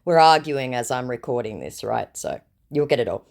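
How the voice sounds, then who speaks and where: A woman's voice: rumbling low, lively intonation, moderate pace, vocal fry. A woman retelling an online chat in a sarcastic, mocking way. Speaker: scam-baiting video host.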